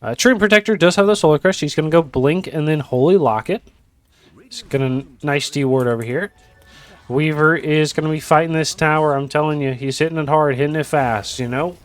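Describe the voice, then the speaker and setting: A man with a fairly high pitch casts a game match a little fast, keeping things loose and rambling. Jokes pop up along the way, and "you know" comes up again and again.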